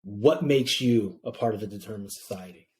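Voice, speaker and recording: A man's voice: fairly low pitch, moderate pace. A man hosting a casual podcast interview, talking in a hyped, slangy, enthusiastic way. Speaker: podcast host.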